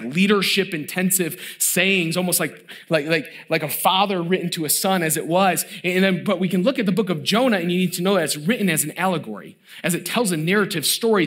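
A man in his thirties preaching a sermon as pastor, emphatic and building, dropping to a low hush on key words.

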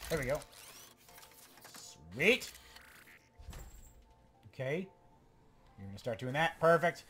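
A man hosting a let's play, giving excitable, rambling gameplay commentary and talking to himself. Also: fairly high pitch, slight background noise.

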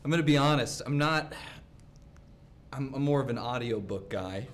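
A young man joking his way through a dating game, with a deadpan, drawn-out delivery. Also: medium pitch, slight background noise. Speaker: dating show contestant. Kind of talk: playful comedic banter.

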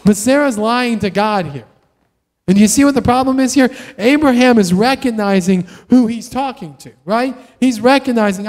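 A man preaching a sermon in a conversational, animated way, often tossing in "right?" to the congregation. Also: sits high, in a large hall. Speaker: pastor. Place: church sanctuary.

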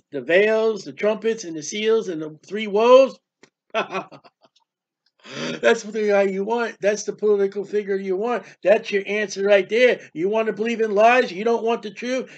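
Male preacher with a high voice, fervent, punchy rhetorical questions, dull lo-fi sound. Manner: fervent, fires off rhetorical questions, declaims scripture. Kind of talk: sermon-style Bible teaching.

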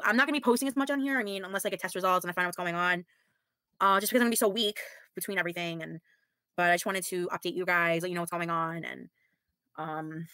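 A woman's voice: fairly low pitch, sharp tone, no room sound, studio quality. A woman in her thirties streaming live, sounding tired and weary, talking frankly with sighs while reading out viewer comments in casual chat. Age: 30s. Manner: frank, blunt, sighing, with mild swearing. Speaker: livestreamer.

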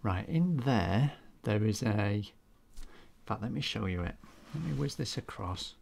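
A man's voice: fairly low pitch, lively intonation, a little slow, gravelly, darkish tone. A man, chatty and self-deprecating, talking viewers through a painting demonstration as he works. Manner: chatty, self-deprecating, thinks aloud while working. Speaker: art teacher.

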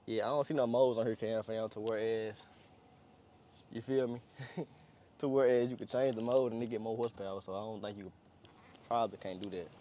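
A man's voice: on the low side, a little mellow, slight background noise. A young man, chatting casually and laughing as he shows off a pickup truck outdoors. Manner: slangy, rambling, laughs often. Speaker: car vlogger. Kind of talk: casual vlog walkaround.

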